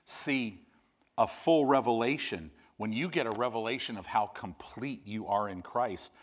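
A man preaching a sermon. He tells stories with lively, loud bursts and then drops to low, quiet emphasis. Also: unhurried.

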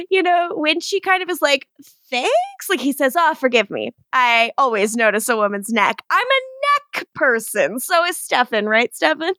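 A woman co-hosting a podcast, recapping an episode in casual chat, animated and profane, acting out the characters' lines. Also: high voice, normal speed, no echo, studio quality. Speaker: podcast co-host.

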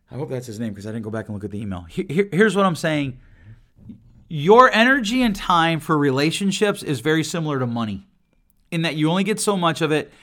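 A middle-aged man hosts a solo podcast from his home computer setup, speaking into a desk microphone with a high, bright, forceful voice. He talks earnestly and reflectively, often restarting and repeating words.

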